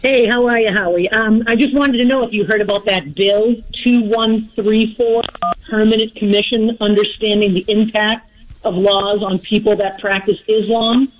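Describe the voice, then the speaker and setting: A man's voice: sits high, steady tone, moderate pace. A man calling in to talk radio over the phone, asking earnest questions. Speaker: caller. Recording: muffled phone line.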